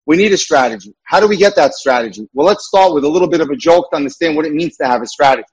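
A man's voice: a little high, racing, husky, poor audio. A man giving a lecture-style talk as a dating mentor, earnest and emphatic, repeating his key points.

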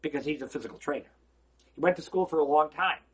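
A man teaching a lesson through a story, talking in an animated, stammering way with frequent repeats. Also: on the high side, fast talker, breathy edge.

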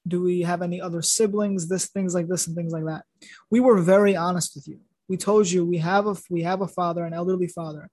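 High-voiced man retelling a Torah story. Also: steady tone, fairly quick, darkish tone, no echo. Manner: rambling, many restarts and fillers. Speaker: podcast host.

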